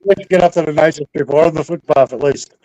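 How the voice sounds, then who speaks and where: A man's voice: on the high side, fast talker, warm tone, dry recording, muffled recording. A man calling in as a guest, chatting bluntly and laughing along. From Australia. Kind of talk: casual chat on a call.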